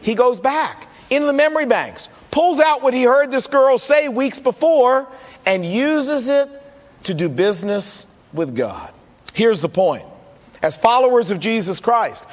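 A man's voice: high voice, in a large hall. A man preaching a sermon in a conversational way, acting out the questions his listeners might ask. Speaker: pastor.

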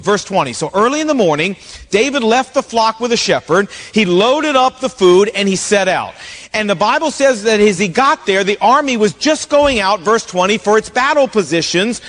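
High-voiced pastor preaching, jokey and animated. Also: male voice, normal speed. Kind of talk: sermon. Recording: long reverb of a large hall.

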